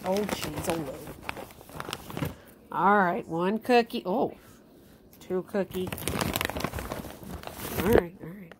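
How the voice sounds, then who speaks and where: A woman's voice: lowish voice, slow, long pauses, background noise. A woman at home talking playfully to her pets, teasing them and speaking to them like children. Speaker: pet owner filming her pets. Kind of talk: casual chat with pets.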